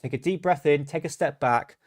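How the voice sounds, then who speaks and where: A man's voice: on the high side, fairly quick, darkish tone, no echo, studio quality. Chatty man hosting a live stream. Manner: chatty, hesitant, restarts, laughs often. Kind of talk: casual live-stream chat.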